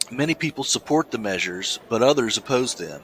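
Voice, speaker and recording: Casual male podcast co-host, halting. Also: mid-range voice, very animated, fairly bright tone. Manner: halting, many restarts, laughs easily. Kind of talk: casual chat, reading a news story aloud.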